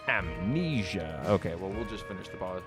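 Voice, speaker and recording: A man's voice: deep voice, lively intonation, normal speed, over music. A man livestreaming, reading out his chat and answering it in a combative, sarcastic way, swearing freely and laughing at his own jokes. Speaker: streamer.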